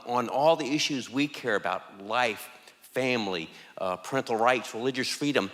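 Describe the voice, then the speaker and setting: A man's voice: mid-range voice, a bit bright. Man, forthright, emphatic, panel discussion, long hall reverb. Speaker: panelist, former legislator. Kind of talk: panel talk. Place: large church hall, live audience.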